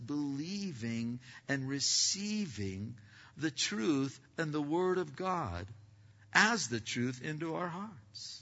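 A man's voice: on the high side, sing-song, slow pace, bright, forceful tone, in a large hall, highs cut off. A man preaching a sermon as pastor, often asking the congregation questions and using many "uh" fillers.

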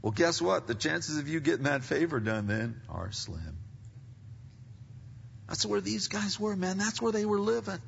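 A man preaching a sermon as pastor, animated and swinging from quiet asides to loud climaxes. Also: a little high, a little slow, vocal fry, a little hiss or hum. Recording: long reverb, dull lo-fi sound.

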